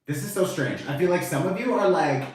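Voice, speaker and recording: A man giving a casual, animated tarot reading to camera, chatty and swearing now and then, acting out the reactions he quotes. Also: high-pitched, a little fast, recorded from a distance. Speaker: tarot reader. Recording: very echoey room, voice off-mic.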